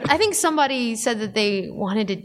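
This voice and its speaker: A woman's voice: fairly high pitch, expressive, fairly quick, crowd noise. A woman hosting a live podcast on a small club stage, chatty and giggly with lots of fillers. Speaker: podcast host.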